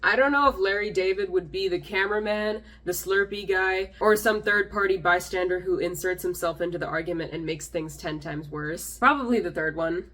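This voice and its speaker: A woman hosting a comedic commentary video with a slightly low voice. Her delivery is wry and sarcastic throughout. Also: a bit bright. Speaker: host.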